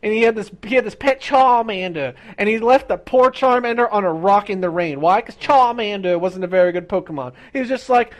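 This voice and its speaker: A young adult livestreamer ranting to chat in a rambling, profane way, stumbling over restarts and repeating words, and slipping into quick impressions of characters. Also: mid-range voice, animated. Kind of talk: rambling casual rant.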